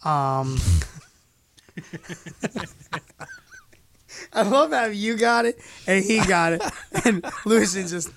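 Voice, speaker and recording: A man co-hosting a podcast in casual chat, an animated storyteller who laughs often. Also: high-pitched, extremely slow, long pauses. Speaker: podcast co-host.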